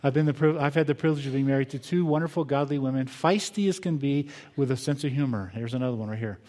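An older pastor preaches a sermon in a mid-range voice, earnest and reflective, moving between quiet pauses and emphatic bursts. He's in a church sanctuary, and the recording carries long hall reverb.

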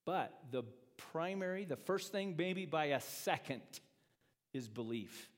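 Animated male pastor in an echoing hall. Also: a little high, slow pace. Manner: animated, acts out quoted speech, swings from loud to quiet. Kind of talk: sermon. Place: church sanctuary. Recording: long reverb of a church hall.

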